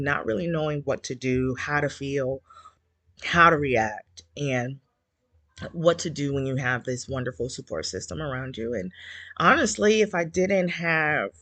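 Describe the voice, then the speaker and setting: A deep-voiced woman with vocal fry and a somewhat bright tone leads a casual conversation with listeners as a community group host. She comes across candid, emotional, and a little teary, using lots of fillers, recorded with no echo.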